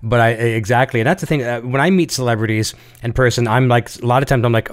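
A man hosting a casual interview, talking quickly and eagerly and reading out viewer questions. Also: medium pitch, fairly even intonation, smooth. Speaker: interview host.

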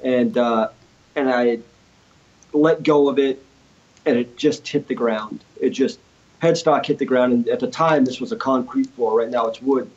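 A medium-pitched man speaks a little slowly on a dull-sounding recording from a home studio. As a guest in a relaxed interview, this guitarist and inventor tells a story with flair, playing the parts of the people he quotes.

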